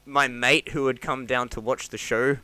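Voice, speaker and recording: Animated Australian man telling stories. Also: moderate pace, clear, resonant tone, dry recording. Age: 30s. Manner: rambling, animated, acts out quotes with jumps in pitch. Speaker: stand-up comedian, podcast guest. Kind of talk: casual storytelling chat.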